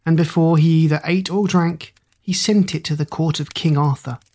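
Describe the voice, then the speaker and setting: A narrator reading an old fairy tale aloud in a measured, even way. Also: mid-range voice. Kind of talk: storybook narration.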